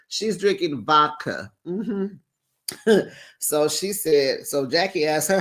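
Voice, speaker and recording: Sassy animated man recapping gossip. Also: a little high, a little slow. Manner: sassy, animated, laughing, acts out quotes. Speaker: recap show host. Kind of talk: casual reality TV recap.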